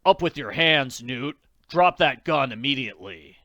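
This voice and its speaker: A man's voice: mid-range voice, lively intonation, normal speed, a bit bright, dry recording, close to an everyday voice. A man voicing a stern, determined teenage boy detective who gives commands. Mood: commanding.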